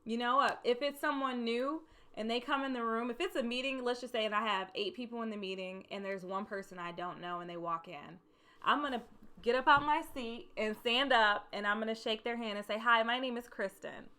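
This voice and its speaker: A woman in her thirties giving casual, emphatic career advice to her viewers, repeating her key points, with a soft voice that she says can sound meek. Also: a little high, fairly quick, smooth. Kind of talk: casual advice talk to camera.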